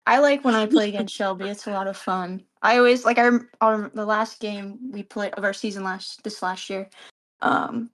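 Easygoing woman cohost on a podcast, mid pitch, relaxed chat. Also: normal speed. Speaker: podcast co-host.

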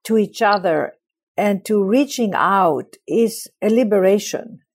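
A woman's voice: mid-range voice, animated, measured pace, husky. A woman author speaking as a guest in an interview, emphatic and inspirational, often repeating phrases. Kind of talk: interview conversation.

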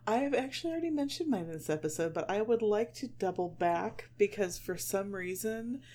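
A woman co-hosting a casual podcast, with a dry, deadpan, self-deprecating sense of humor. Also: mid-range voice, brisk. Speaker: podcast co-host. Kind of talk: casual chat.

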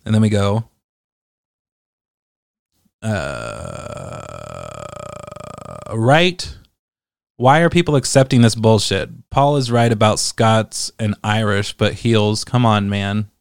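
A man's voice: lowish voice, very animated, slow pace, long pauses, clean tone, dry recording, clean studio sound. A man reading online comments aloud and reacting with profane, exasperated, sarcastic commentary. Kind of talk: casual ranting commentary.

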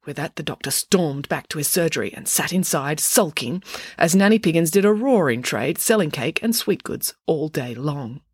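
A woman reads a children's book aloud, expressive and lively. Her voice sits fairly low, with a husky edge and plenty of rise and fall. The recording is dry and close. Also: moderate pace, no room sound. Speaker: storyteller.

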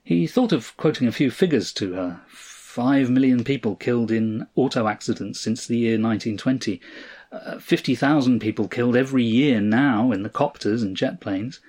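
A man narrating a story in a measured, dramatic reading style. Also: mid-range voice, a little mellow.

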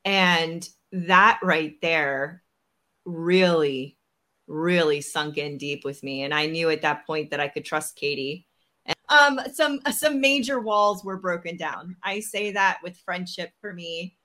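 Female podcast host, unhurried delivery, bright voice, lively storyteller who voices the people in her story. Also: lowish voice. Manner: animated, acts out quoted dialogue. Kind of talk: storytelling in casual chat.

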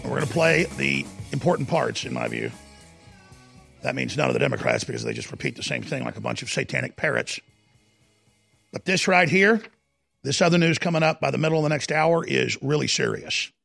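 A man's voice: medium pitch, sing-song, gravelly, a bit bright, soft background music. A male talk radio host delivering impassioned, digressive political commentary, piling up phrases and restarting sentences. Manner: impassioned, digressive, rapid-fire with repeated restarts.

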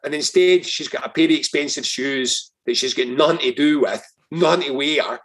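A Scottish man speaks as a podcast guest in a husky voice that sits a little high for a man. He tells his anecdotes with animated emphasis and drops the odd swear word. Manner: animated, emphatic storyteller who swears freely. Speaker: guest, political strategist. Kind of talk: casual podcast conversation, storytelling.

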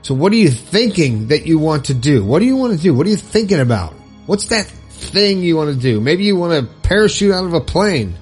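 A man's voice: a little high, very animated, a little fast, darkish tone, breathy edge, faint music behind. Upbeat rambling man hosting a podcast. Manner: upbeat, rambling, laughs often, many fillers. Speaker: podcast host. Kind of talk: casual solo podcast talk.

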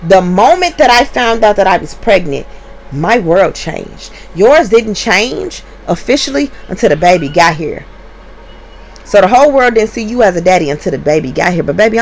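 A woman, a stay-at-home mother hosting her podcast from home in a blunt, profane, emphatic monologue that jumps up in pitch when she gets heated. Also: a little hiss or hum. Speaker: podcast host. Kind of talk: candid monologue. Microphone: podcast mic.

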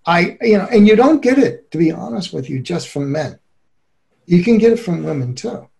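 A middle-aged man speaks as an interview guest with an earnest, animated manner. His voice carries a gravelly fry and a warm, mellow colour, set slightly higher than most men. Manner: earnest, animated, quick to laugh. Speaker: guest expert on relationships. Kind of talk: conversational interview.

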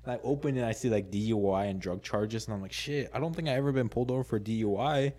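Speaking fast in a mid-range, somewhat dark voice, this man co-hosts a podcast and rambles through a casual story. He says "like" constantly, laughs a lot, and performs the quotes.

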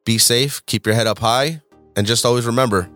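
A man hosting a casual podcast, laid-back and jokey, with a smooth radio-style delivery through a studio mic. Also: mid-range voice, brisk, a bit bright, dry recording, faint music behind. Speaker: podcast host. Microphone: studio mic with voice filters.

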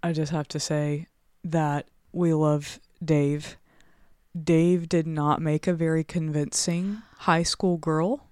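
A woman's voice: deep voice, steady tone, takes it slowly, a little mellow, clean tone, no echo, clean studio sound. A woman co-hosting a true crime podcast, alternating casual chat full of 'like' with read narration. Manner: casual, chatty, with frequent 'like'. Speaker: podcast co-host.

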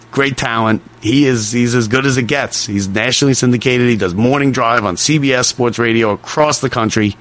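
A male sports talk host with a mid-range voice chats in a loose, easygoing way. He piles up quick affirmations and casual asides. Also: medium pitch, fairly bright tone.

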